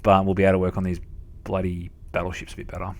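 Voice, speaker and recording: A man's voice: deep voice, completely flat delivery, very fast, darkish tone. A young adult man with an Australian accent, casually commentating a game live and chatting with viewers, swearing a lot. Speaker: game streamer.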